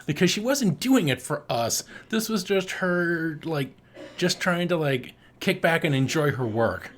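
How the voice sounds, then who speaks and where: A man co-hosting a podcast in casual chat, crude and joking, with an animated way of talking. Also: fairly high pitch, unhurried. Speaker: podcast co-host.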